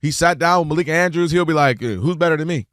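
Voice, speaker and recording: A man's voice: a little high, quick pace, a bit bright, no echo, clean studio sound. A man hosting a sports talk show, arguing his point and acting out quotes in other voices, repeating words when fired up. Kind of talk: animated sports debate.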